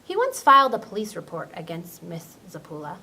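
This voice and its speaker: A woman's voice: lowish voice, a little fast, vocal fry, breathy edge, heavily acted. A woman playing a mock-serious TV news anchor in a home-video news skit. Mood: newsy. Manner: lively, mock-serious newsreader delivery. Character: chirpy female TV news anchor.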